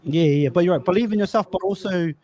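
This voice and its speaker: Casual podcast co-host, Australian man in his thirties, high-pitched, slangy and profane. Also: fast talker, a little mellow. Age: 30s. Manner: loose, swearing, repeats words, slangy. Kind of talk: casual chat.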